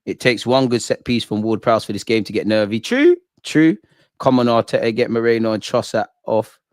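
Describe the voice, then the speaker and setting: A young man reacts live to a football match, cracking jokes in thick slang and shouting out his chat. His voice sits in an ordinary middle pitch. The sound is dry and close, with no room echo. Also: normal speed. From England. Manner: excitable, jokey, slangy, talks to chat. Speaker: football watch-along streamer. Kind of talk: live match watch-along banter.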